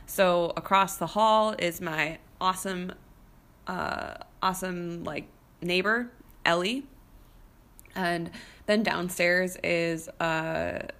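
A young woman telling a story in a casual monologue, animated and chatty, with many fillers and restarts. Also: on the low side.

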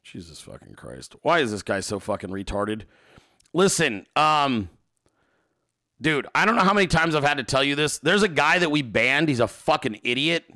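A man's voice: mid-range voice, very animated, normal speed, sharp tone. A man hosting a casual livestream, reading viewer emails aloud and ranting with heavy profanity. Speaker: host.

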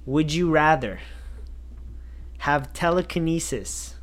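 A man's voice: a little high, animated, slow. A man co-hosting a casual podcast, joking around and swearing in a laid-back way. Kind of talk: casual chat.

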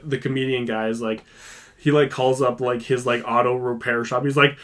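A man's voice: medium pitch, fairly even intonation, normal speed, fairly bright tone. Rambling man hosting a podcast chat. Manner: rambling retelling, heavy on "like". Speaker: podcast host. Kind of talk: casual chat.

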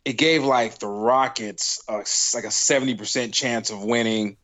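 A man co-hosting a casual sports chat, rambling through long animated analogies. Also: mid-range voice, normal speed. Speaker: podcast co-host. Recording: dull lo-fi sound.

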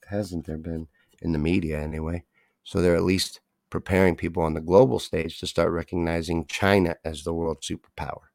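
Guy hosting a live stream, gravelly low voice, dry close sound, fired up and cussing. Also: darkish tone, no echo. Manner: heated, swearing, talks straight to viewers. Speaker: host. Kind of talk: casual livestream talk, reading chat.

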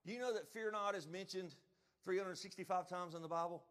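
A male pastor preaching a sermon, emphatic, checking in with the congregation and shouting out now and then. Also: high voice, brisk. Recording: long reverb of a church hall.

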